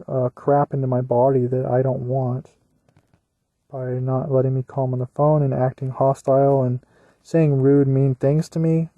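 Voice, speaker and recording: A man's voice: medium pitch, creaky, dark tone, dry recording. A young man talking in a rambling solo monologue, meandering and crude, often trailing off into mumbles. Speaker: podcaster. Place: at work during a shift.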